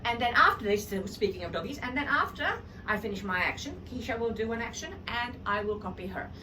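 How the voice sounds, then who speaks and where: A woman's voice: fairly high pitch, lively intonation, a little fast, pushed and bright, recorded from a distance, slight background noise. A woman teaching a children's drama lesson at home, coaxing and encouraging. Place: home room with her child.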